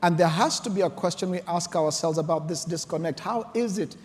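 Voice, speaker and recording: A man's voice: high voice, fairly quick. A man giving an earnest conference talk, telling stories and building to emotional points. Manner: earnest, storytelling, emotional emphasis. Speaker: conference speaker. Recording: long hall reverb.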